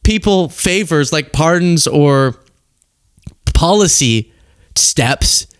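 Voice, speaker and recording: A young man hosting casual political commentary, animated and jokey, laughing at his own rhymes. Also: a little high, takes it slowly, smooth, dry recording, studio quality.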